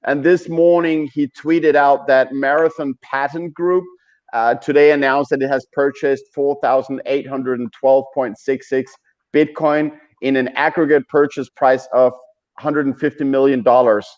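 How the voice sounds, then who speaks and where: Man, podcast co-host, halting, lots of fillers, muffled lo-fi audio. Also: mid-range voice, fairly even intonation, a little mellow. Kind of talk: casual chat.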